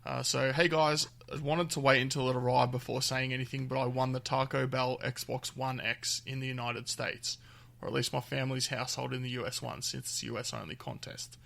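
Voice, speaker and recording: A man talks loosely on a gaming podcast, his voice carrying a rough, gravelly fry. He chats in an easygoing manner, laughs easily, and lets his sentences trail off. His pitch sits in a normal middle range. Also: fairly even intonation, fairly quick, a bit bright. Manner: easygoing, chuckles often, trails off mid-thought. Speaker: podcast co-host. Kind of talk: casual chat.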